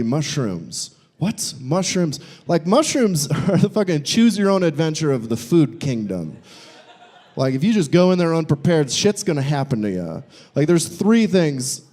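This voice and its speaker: A young man performing a live stand-up set in a brewery, animated and jumping into squeaky voices for his bits. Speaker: stand-up comedian. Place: brewery comedy show.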